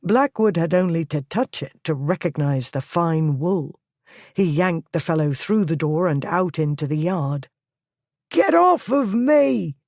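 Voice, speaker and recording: An audiobook narrator giving a measured, even scripted reading of a historical romance. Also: mid-range voice, no echo, studio quality.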